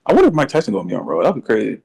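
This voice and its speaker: A man co-hosting a podcast in casual wrestling chat. He has a slight lisp and rambles excitedly, repeating words when worked up. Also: mid-range voice, rapid-fire, gravelly, husky, low-quality recording. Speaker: podcast co-host.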